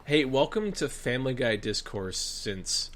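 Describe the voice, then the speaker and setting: A young man co-hosting a podcast, trading deadpan, sarcastic quips in casual chat. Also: mid-range voice, measured pace. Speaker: podcast co-host.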